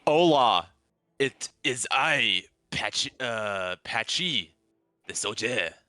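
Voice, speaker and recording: A man's voice: mid-range voice, animated, takes it slowly, bright, forceful tone, no room sound, pitched above the performer's own voice. A man voicing a bumbling male pirate in a bad disguise, with a terrible fake Spanish accent. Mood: pompous.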